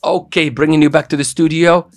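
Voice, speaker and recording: A man's voice: a little high, flat delivery, a little fast, faint music behind. A man hosting a casual live stream from a studio, playful and upbeat as he plugs a sponsor. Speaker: host.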